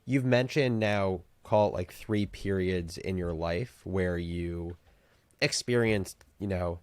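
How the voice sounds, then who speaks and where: A man hosting an interview, calmly summarizing and posing questions. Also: deep voice, takes it slowly. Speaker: podcast host. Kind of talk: interview conversation.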